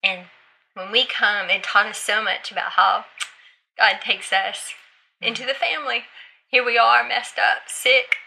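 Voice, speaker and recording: A middle-aged woman guesting on a podcast tells an emotional story in casual conversation, her pitch jumping up whenever she quotes others. She speaks a little slowly with fairly even intonation, vocal fry, and a pushed, bright quality. The audio is poor.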